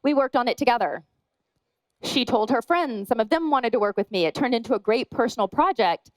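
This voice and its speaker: A woman wedding photographer giving a lively conference talk, chatty and self-deprecating, acting out the people she quotes. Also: fairly high pitch, brisk, no room sound, poor audio.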